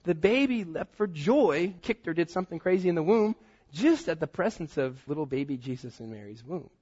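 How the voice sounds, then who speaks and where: A man in his thirties preaches with a slightly husky, breathy voice that sits a bit higher than most men's. He tells stories from his own life and acts out what people said to him. The sound is dull and lo-fi. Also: expressive, a little fast, darkish tone. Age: 30s. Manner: storytelling with acted-out quotes. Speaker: pastor. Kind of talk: sermon.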